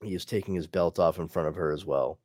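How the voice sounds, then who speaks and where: A man's voice: low-pitched, quick pace, a little mellow, dry recording, clean studio sound. A man hosting a podcast, casually recapping a comic book story in a rambling way, full of fillers. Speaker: podcast host.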